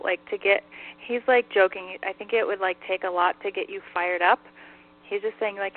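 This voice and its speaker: A woman's voice: mid-range voice, fairly even intonation, a little fast. A woman working as a medium on a call-in radio show, relaying spirit messages in a chatty way, laughing easily and saying "like" often. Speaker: psychic medium. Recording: tinny phone line with faint hiss.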